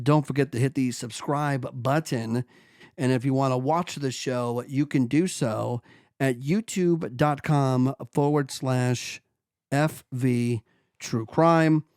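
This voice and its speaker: A man co-hosting a casual true crime podcast, bantering with his co-host and reading the show's plugs in a steady way. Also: on the high side, smooth, no echo, clean studio sound. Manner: bantering, reads promos steadily.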